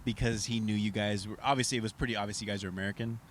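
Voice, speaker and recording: A man's voice: on the low side, fairly even intonation, rapid-fire, a crowd in the background. A man co-hosting a podcast, asking probing follow-up questions in casual chat. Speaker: podcast co-host.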